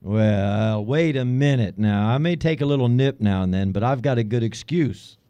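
A man co-hosting a comedic radio show, answering questions with deadpan one-liners and self-mocking jokes. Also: mid-range voice, normal speed, clean tone, dry recording, highs cut off.

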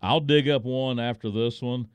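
A man's voice: mid-range voice, steady tone, normal speed, clear, resonant tone, no room sound. A man hosting a radio show, chatting and joking with his co-host in the studio. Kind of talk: casual radio chat.

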